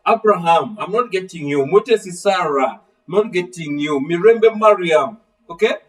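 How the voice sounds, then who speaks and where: During a live online literature class, a male teacher whose voice sits high talks at a normal speed, asking named students to fill in blanks. He brings the characters to life with acted-out voices and an animated manner. The mic is distant, and the sound quality is low.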